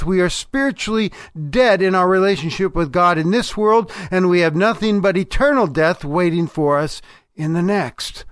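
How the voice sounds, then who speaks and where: Slow, high-voiced male preacher. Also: no echo, studio quality. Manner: slow and deliberate, with dramatic dips to a low hush. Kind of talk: devotional sermon.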